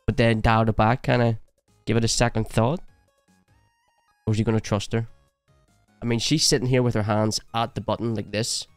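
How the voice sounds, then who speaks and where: A man's voice: on the low side, flat delivery, a little fast, long pauses, smooth, no echo, faint music behind. A man hosting a reaction video, giving blunt, opinionated commentary and joking along the way. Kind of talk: casual commentary.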